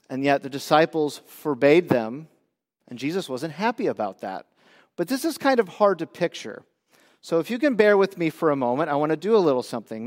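A man with a fairly high voice preaches to his congregation, shifting from quiet prayer into teasing, animated storytelling. His voice rings with the long reverb of a large church hall. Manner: playful, teasing, animated when joking, hushed in prayer. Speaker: pastor. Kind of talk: sermon with live demonstration.

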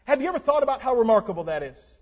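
A man preaching a sermon as a guest speaker, animated and acting out grumbling churchgoers. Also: very high voice, very fast, breathy edge. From North Carolina.

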